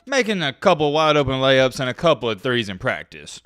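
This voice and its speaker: A man's voice: mid-range voice, very animated, fairly quick, a bit bright, smooth, no echo, clean studio sound. A young man giving an emphatic, sarcastic sports opinion rant straight to his viewers. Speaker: sports commentary YouTuber. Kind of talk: energetic opinion rant to camera.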